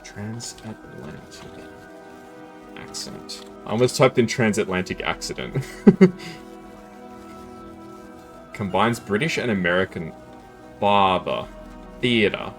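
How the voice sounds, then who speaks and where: A man's voice: fairly low pitch, a little slow, long pauses, soft background music. A man casually commentating his gameplay on a live stream, chatty and self-deprecating, laughing often.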